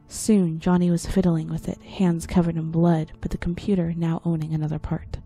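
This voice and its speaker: A low, gravelly woman reading a creepypasta aloud. Her voice is dark and mellow, with a rough edge of vocal fry. A faint music bed runs under the narration. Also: flat delivery, normal speed, hardly any pauses. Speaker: story reader.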